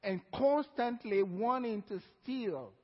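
In a large church hall, a pastor preaches a sermon in a voice that sits high, drawing out key phrases for emphasis and calling on the congregation to answer back. The sound is lo-fi.

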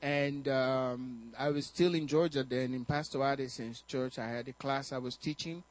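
A man telling a testimony in a sermon, animated and often laughing and shouting. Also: medium pitch, normal speed. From Nigeria. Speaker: preacher.

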